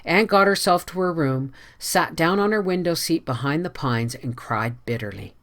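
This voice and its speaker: Expressive audiobook narrator, lively pitch. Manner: expressive, measured reading. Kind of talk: scripted narration.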